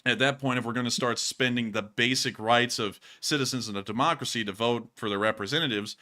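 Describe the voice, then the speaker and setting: An American man hosting a war news show, giving casual commentary and thinking out loud with frequent restarts. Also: medium pitch, fast.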